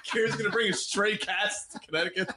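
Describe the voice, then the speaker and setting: A man co-hosting a rowdy radio show, teasing and swearing in quick asides. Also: high voice, heavy background noise. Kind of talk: rowdy casual radio banter.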